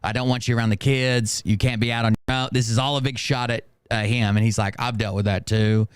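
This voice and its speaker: A man with a smooth, resonant voice talks over clips on a live stream, mocking what he plays back and explaining it. The sound is close and dry, with no room around it. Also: mid-range voice, fairly even intonation, brisk, dry recording. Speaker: commentary host.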